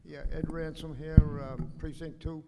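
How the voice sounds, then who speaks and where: A man speaking as a resident from the floor of a town meeting, plain-spoken and a little halting. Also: fairly high pitch, level tone, creaky. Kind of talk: public comment at a town meeting. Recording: echoey hall, faint room noise.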